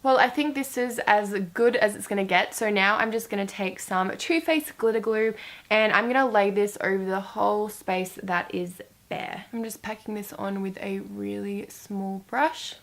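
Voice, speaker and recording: A woman's voice: mid-range voice, normal speed, a bit bright. A young woman, chatting casually through a makeup tutorial and full of "like"s. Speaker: beauty vlogger.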